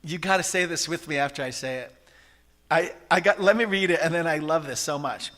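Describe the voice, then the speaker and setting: A man's voice: a little high, brisk, sharp tone. A man giving an interactive spiritual talk to a congregation, often asking the audience questions. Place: church service hall.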